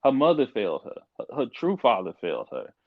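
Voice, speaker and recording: A man's voice: medium pitch, huge pitch swings, dry recording. Brief: young man, podcast guest, frank emphatic storyteller, muffled dry recording. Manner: frank, emphatic, fast restarts. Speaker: podcast guest, court caseworker. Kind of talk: animated casual storytelling.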